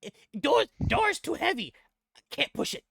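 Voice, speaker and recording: A man voicing an excitable, humble little male goblin who talks in broken grammar. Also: a little slow, gravelly, no room sound, studio quality, heavily acted. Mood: pleading. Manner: squeaky, broken grammar, gushing. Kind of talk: tabletop role-play voice.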